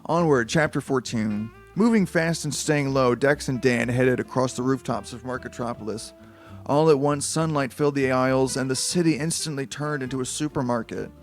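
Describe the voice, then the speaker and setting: A man's voice: medium pitch, moderate pace, soft background music. A man casually reading a novelization aloud on a live stream, with chatty asides. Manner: loose, chatty asides and restarts.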